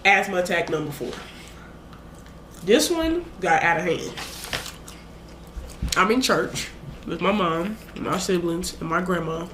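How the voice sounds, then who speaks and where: A woman's voice: fairly low pitch, unhurried, long pauses, noisy background. A young woman, retelling a story in a casual, rambling way and acting out her own lines. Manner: animated, rambling retelling with acted-out quotes. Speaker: vlogger. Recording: echoey room.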